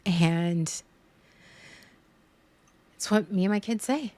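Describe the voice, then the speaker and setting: A woman in her thirties speaks earnestly and openly on a stream. Her voice sits a little low. The sound is dry and close, with no room around it. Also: slow pace, dark tone, no echo. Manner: earnest, vulnerable, tearful at times. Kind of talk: emotional casual chat.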